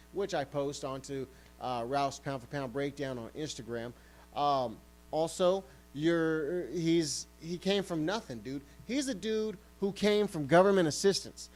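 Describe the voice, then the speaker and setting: A man's voice: medium pitch, darkish tone, poor audio. A man hosting a sports podcast, ranting heatedly and swearing often. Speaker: podcast host.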